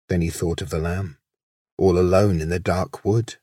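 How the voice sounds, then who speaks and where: A man reading his own children's story aloud, expressive and gentle. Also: deep voice, normal speed, husky, dry recording, clean studio sound.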